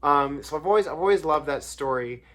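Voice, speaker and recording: A man's voice: on the high side, a little fast, a bit bright. A man, a songwriter and lyricist, talking casually about writing lyrics, telling anecdotes and often restarting his sentences. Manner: anecdotal, rambling with restarts and fillers. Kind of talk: casual talk on songwriting craft.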